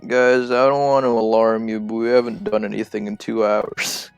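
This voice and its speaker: A man playing a tabletop game, excitable and animated in casual chat. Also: on the low side, moderate pace, gravelly, clear, resonant tone, no room sound, faint music behind. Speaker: player.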